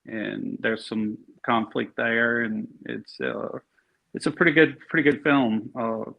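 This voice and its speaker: An actor from Alabama is interviewed in a casual chat, speaking easily and rambling with many fillers and restarts. His mid-range voice is steady and slow, with vocal fry, and the recording sounds dull and lo-fi.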